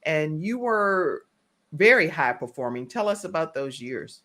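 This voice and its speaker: A woman's voice: low-pitched, big pitch swings, a little slow, a bit bright. A woman hosting a talk show interview who chats easily, encourages her guest and sums up his points. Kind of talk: interview conversation.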